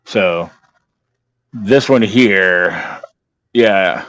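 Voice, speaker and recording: A man's voice: deep voice, extremely slow, a bit bright, highs cut off. A man co-hosting a podcast, chatting casually and rambling with many fillers and restarts. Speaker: podcast co-host.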